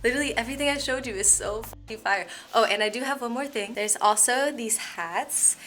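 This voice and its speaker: A young woman hosting a casual clothing haul vlog, gushing and excitable, full of slang and calling viewers "bro". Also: fairly high pitch, a little fast, soft background music. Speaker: fitness YouTuber.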